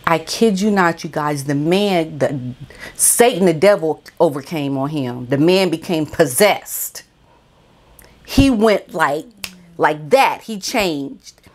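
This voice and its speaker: A woman vlogger giving casual, animated commentary and talking straight to her viewers. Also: low voice, slow pace.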